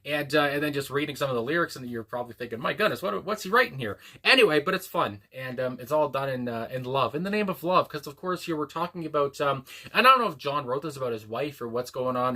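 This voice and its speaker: A man's voice: medium pitch, animated, quick pace, bright, forceful tone. A man hosting a music reaction video, talking in a casual, meandering way with frequent ums and restarts. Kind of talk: casual rambling commentary.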